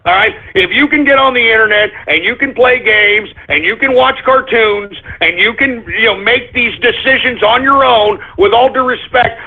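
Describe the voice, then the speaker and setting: A man hosting a talk radio show, ranting in an abrasive, confrontational way. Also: sits high. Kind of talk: call-in radio rant. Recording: tinny phone-like lo-fi audio.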